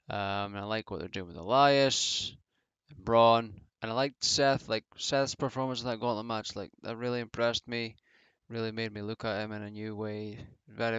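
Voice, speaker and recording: A man's voice: lowish voice, vocal fry, a bit bright, smooth, no echo. A man giving casual solo commentary as a wrestling reviewer, rambling and offhand with many fillers. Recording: dull lo-fi home mic.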